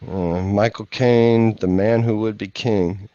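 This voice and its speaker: A man's voice: lowish voice, fairly even intonation, slow, mellow, dry recording. A man in casual chat who rambles, restarts and swears, recorded with a dull, dry lo-fi sound. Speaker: podcast host.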